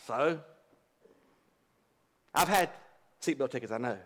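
A man's voice: fairly high pitch, animated, slow pace, pauses often, fairly bright tone. A middle-aged man, a pastor preaching a folksy, confessional sermon and joking with his congregation. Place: church.

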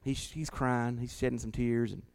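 A man's voice: medium pitch, level tone, creaky, a little mellow, smooth. Folksy preacher man telling a story. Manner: folksy, slows down for emphasis. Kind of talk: sermon storytelling.

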